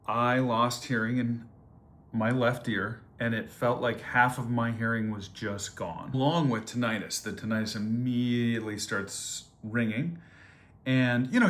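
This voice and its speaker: A man's voice: mid-range voice, a bit bright. A man in his twenties telling a personal story to camera on a trip, rambling with lots of fillers and repeated words. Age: 20s. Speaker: vlogger. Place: on a surf trip. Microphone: phone or camera, quickly made video.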